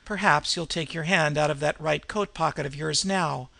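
A man's voice: fairly high pitch, moderate pace, pushed and bright, no room sound. A man voicing a gloating male villain who sneers and speaks caustically. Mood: sneering.

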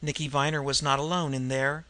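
A man narrating a novel in a steady, measured audiobook reading. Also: medium pitch. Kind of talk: scripted narration.

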